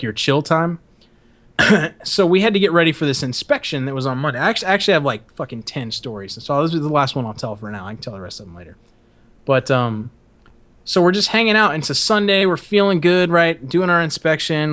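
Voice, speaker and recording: A man's voice: a little high, a bit bright. A young man hosting a podcast, telling a long rambling story in casual talk, swearing a lot and often laughing. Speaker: podcast host.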